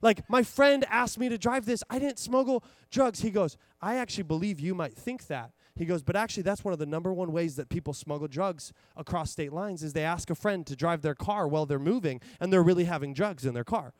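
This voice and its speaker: A young man in his twenties preaching, telling a story with lively, rambling energy and many restarts. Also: high voice, a little fast, hardly any pauses, dry recording. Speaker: pastor. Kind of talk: sermon. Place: church.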